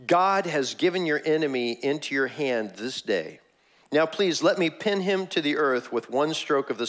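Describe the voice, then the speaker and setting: A man preaching a sermon, telling the story with animated energy and frequent laughs. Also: a little high. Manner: animated storytelling, laughs often, acts out quotes. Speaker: pastor.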